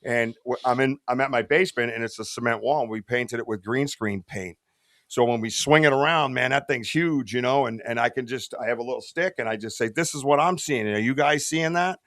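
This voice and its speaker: A man's voice: mid-range voice, fairly quick, a bit bright, dry recording, studio quality. A middle-aged man in a casual podcast chat, rambling and earnest, tossing in bro and dude. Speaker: podcast guest, Bigfoot researcher.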